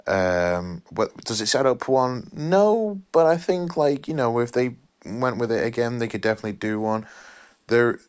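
A man's voice: mid-range voice, expressive, moderate pace. A tired man giving a casual spoken film review, rambling and apologetic with many fillers and restarts. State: tired, yawning.

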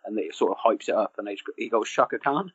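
A man's voice: fairly low pitch, fairly even intonation, rapid-fire, husky, no echo. Male podcast co-host, giggly recapper, dull lo-fi audio. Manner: laughs while retelling scenes. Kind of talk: casual film chat.

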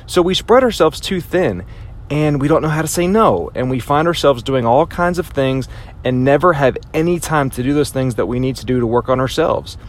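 A man delivers a motivational talk at a normal pace, his mid-range voice full of lively intonation. He hammers home his message by repeating phrases, and at times he voices the thoughts in his own head.

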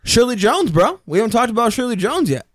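A man with a high voice tells crude, lively stories in a casual chat. The recording is dry, with no room sound. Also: fast talker, no echo. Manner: profane, animated storytelling.

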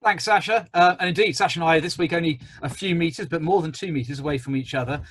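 A man's voice: on the high side, fast talker, a bit bright, a little hiss or hum, poor audio. A man in his forties, hosting a webinar panel on a video call in a genial, chatty way with frequent ums. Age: 40s. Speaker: webinar host.

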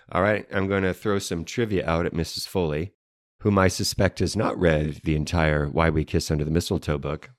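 A man's voice: low voice, fairly even intonation, normal speed, dry recording, studio quality. A man co-hosting a casual chat show, playful and fond of fancy learned words. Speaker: podcast co-host.

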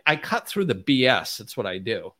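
A man giving an unscripted motivational talk as a spiritual teacher, blunt and emphatic, often mimicking whiny voices in a high pitch. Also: big pitch swings, normal speed, bright, forceful tone.

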